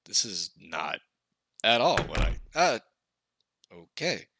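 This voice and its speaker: A man's voice: lowish voice, sing-song, slow, background noise. A man reading a game aloud and reacting to it in a wry, casual way, with some swearing. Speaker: let's play host. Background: faint guitar music.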